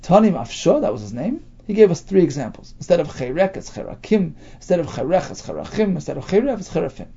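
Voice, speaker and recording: A man leads a daily Talmud lesson, reading phrases from the text and explaining them in plain English. His voice is high and mellow with a gravelly edge, and his pitch moves a lot. The recording sounds dull and lo-fi. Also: very animated, fast, hardly any pauses. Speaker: Talmud teacher.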